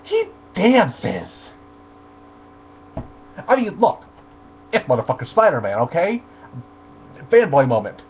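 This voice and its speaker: A man's voice: a little high, wildly swooping pitch, takes it slowly, gravelly, long pauses. Profane ranting man, tinny audio. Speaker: movie reviewer. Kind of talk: ranting film review. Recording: tinny phone-like audio with faint mains hum.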